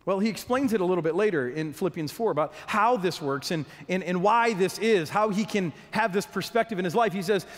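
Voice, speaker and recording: A high-voiced man preaches in a church hall, his words ringing out with a long echo behind them. He talks to the congregation earnestly, often stumbling into quick restarts and doubling words before pressing on. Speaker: pastor. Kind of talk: sermon.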